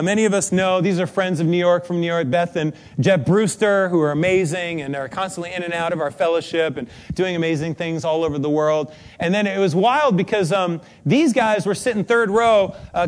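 Animated high-voiced man preaching. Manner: animated storytelling, chatty, uses fillers. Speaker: pastor. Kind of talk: sermon. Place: church.

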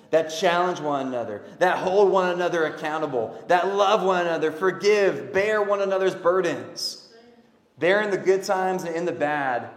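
A man preaching a sermon, swinging from loud emphatic calls to quiet earnest pleas. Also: a little high. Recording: echoey hall.

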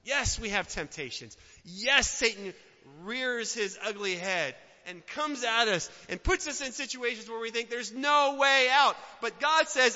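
A man preaching a sermon as a pastor, swinging between loud emphatic outbursts and quiet, soft asides. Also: extremely high pitch, expressive, unhurried. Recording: dull sound with long hall reverb.

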